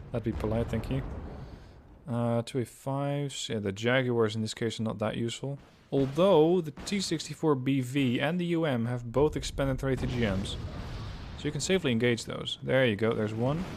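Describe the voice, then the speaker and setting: A man co-hosting a game replay, giving steady analytical play-by-play. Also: mid-range voice, normal speed, noisy background. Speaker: co-host. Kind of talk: casual replay commentary.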